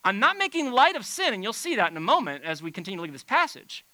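A man preaching a sermon on a church stage, talking in a loose, conversational way with big swings between quiet and loud. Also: high-pitched, quick pace, dry recording, poor audio. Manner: animated, conversational preaching with dramatic swings in volume. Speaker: pastor. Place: church stage under bright lights.

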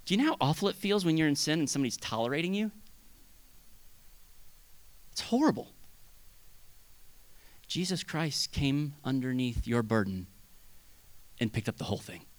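A man preaching a sermon as pastor, swinging between loud bursts and hushed asides. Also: fairly high pitch, sing-song, moderate pace, pauses often, no echo.

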